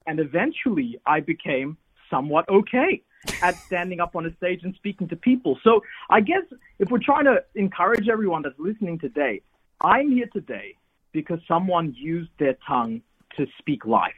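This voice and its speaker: A man in his thirties, a pastor telling a personal story as a radio guest over the phone, lively with repeated emphasis. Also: high voice, normal speed. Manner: lively, repetitive emphasis, builds to exhortation. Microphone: phone call. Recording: tinny phone line, husky.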